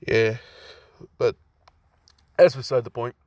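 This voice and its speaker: A man's voice: mid-range voice, slow, darkish tone, no echo, studio quality. A young man in his twenties casually rambling through a fan story retelling, profane and loose, full of fillers, at home by a cracked window.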